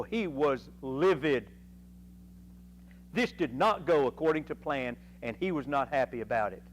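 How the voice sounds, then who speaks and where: A man leads a Sunday school class in a church, reading scripture and then riffing on it in a folksy, animated way. His voice sits a little high for a man. A faint hum runs underneath the recording. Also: poor audio. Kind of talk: Bible lesson.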